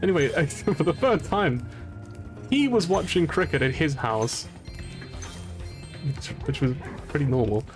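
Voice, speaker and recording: With faint music behind him, a man from England chats his way through a gaming stream, telling rambling stories and laughing a lot. His voice is fairly high and unhurried, with frequent pauses and plenty of restarts.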